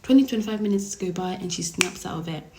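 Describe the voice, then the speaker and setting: A young woman telling a dramatic storytime vlog in a chatty, animated way. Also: fairly low pitch, fast talker, background noise. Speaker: vlogger. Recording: roomy echo.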